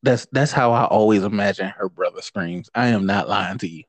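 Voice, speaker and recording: A man's voice: on the low side, moderate pace, no room sound. A man co-hosting a casual podcast chat who talks in a blunt, teasing way. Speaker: podcast co-host.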